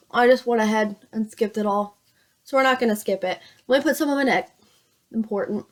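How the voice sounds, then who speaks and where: A chatty woman from Virginia with a Southern drawl, talking casually through her makeup routine and often poking fun at herself. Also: a little high. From Virginia, USA. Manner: chatty, self-mocking, laughs often. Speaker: beauty vlogger.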